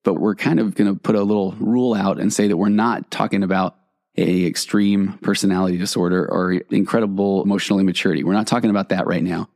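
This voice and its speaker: A man's voice: low voice, fairly even intonation, quick pace, vocal fry, a little mellow. A middle-aged man, a marriage therapist hosting a solo podcast, explaining in a conversational way that wanders into tangents and acts out quoted partners.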